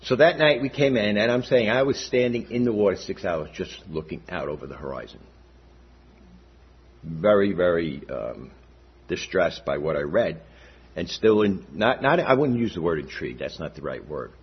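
Captured on a dull lo-fi recording, an older man with a low, breathy voice shares his personal testimony at a church gathering. He is animated and moderately paced, chatting conversationally and often asking "all right?"

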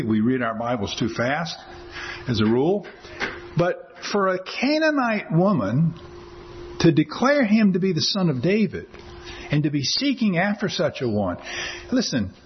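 A man preaching with earnest conviction, his voice rising and falling a lot. He repeats words as he goes and slows down to quote scripture. The recording is slightly dull, with faint background ambience. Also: sits high, slight background noise. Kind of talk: sermon.

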